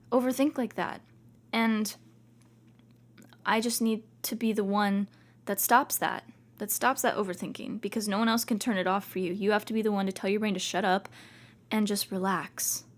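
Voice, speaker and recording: A woman's voice: mid-range voice, normal speed. A young woman hosting a podcast, talking casually and reassuringly, as if talking to herself, with lots of "like"s. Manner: chatty, reassuring, self-talking with many "like"s. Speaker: podcast host. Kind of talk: casual self-help talk.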